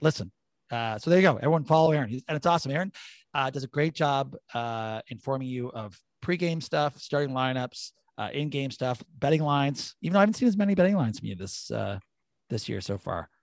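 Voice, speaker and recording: A man's voice: mid-range voice, animated, brisk, vocal fry, dry recording. A man hosting a casual sports podcast, talking animatedly with plenty of swearing and rambling stories. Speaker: podcast host.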